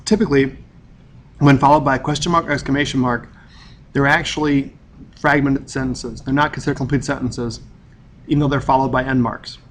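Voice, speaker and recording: A man's voice: medium pitch, steady tone, brisk, a little hiss or hum. Man explaining grammar, methodical teacher. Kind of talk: recorded grammar lesson.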